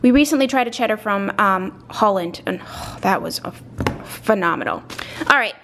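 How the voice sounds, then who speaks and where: A woman's voice: mid-range voice, animated, moderate pace, noisy background. A woman, chatting casually and rambling through a grocery haul at home, a little out of breath, with many fillers and asides. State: slightly out of breath. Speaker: vlogger showing a grocery haul.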